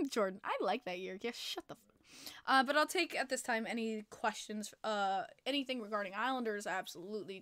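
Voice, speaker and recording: A woman hosting a hockey podcast, chatting casually with viewers, excitable, swearing freely and laughing often. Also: medium pitch, dry recording. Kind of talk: casual live-stream chat reading viewer comments. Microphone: plugged-in desk microphone.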